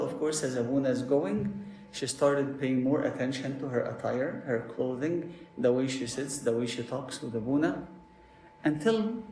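A priest preaching a sermon, telling stories in a lively way and checking in with "okay?". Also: male voice, medium pitch, slight background noise. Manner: animated storytelling with frequent "okay?" check-ins. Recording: echoey room.

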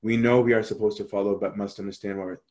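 A man answering questions on Christian theology in a relaxed, conversational way, often checking in with "right?". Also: on the low side, fast. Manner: animated, conversational, frequent "right?" tag questions. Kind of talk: casual theological discussion.

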